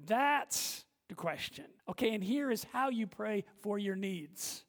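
A woman's voice: mid-range voice, animated, a little slow, few pauses. A woman pastor giving a sermon in a conversational, emphatic way, often checking in with her listeners. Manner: conversational, emphatic preaching with frequent "okay?" check-ins.

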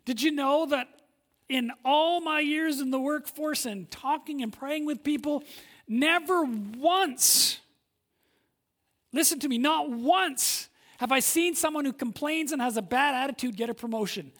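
A male pastor preaching a sermon with lively energy, swinging between loud emphasis and hushed moments, acting out quoted voices. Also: very high voice, a little slow. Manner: acts out quoted voices of listeners and God.

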